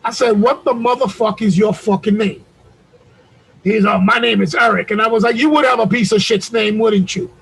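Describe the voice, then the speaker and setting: A man's voice: high voice, steady tone, moderate pace, creaky, a bit bright, breathy edge, poor audio. A man on a video call recounting a story in a profane, heated way, acting out what people said. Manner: profane, heated retelling with acted-out quotes. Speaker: podcast co-host. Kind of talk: animated storytelling.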